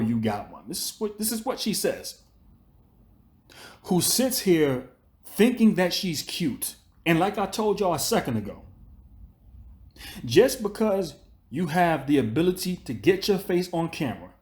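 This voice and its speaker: Guy with a kinda high voice doing a cussing, scolding rant, keeps repeating himself. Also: a little mellow. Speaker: commentary channel host. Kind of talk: ranting commentary monologue.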